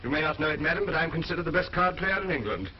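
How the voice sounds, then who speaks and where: A man's voice: a little high, lively intonation, very fast, close to an everyday voice. A man playing a blustering, hot-tempered king. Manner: blustering, bursts into shouting. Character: blustering middle-aged English king, quick-tempered. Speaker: actor. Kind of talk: 1930s film acting. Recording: muffled old film soundtrack with hiss.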